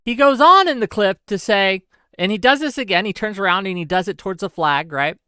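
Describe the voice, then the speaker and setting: A man's voice: high-pitched, expressive, a little fast, sharp tone, smooth, dry recording. A man hosting a livestream, reading out chat comments and ranting in a sarcastic, exasperated way. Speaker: streamer host.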